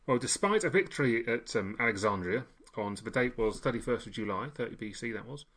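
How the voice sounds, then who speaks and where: A man's voice: mid-range voice, expressive, brisk, a bit bright, breathy edge. A man co-hosting a casual history chat, narrating events with dry, wry quips. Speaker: podcast co-host.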